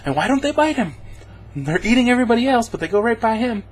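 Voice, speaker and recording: A man's voice: high-pitched, lively intonation, a little fast, slightly rough. A man giving a rambling, sarcastic spoken movie review, chuckling as he goes. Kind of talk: casual spoken film review.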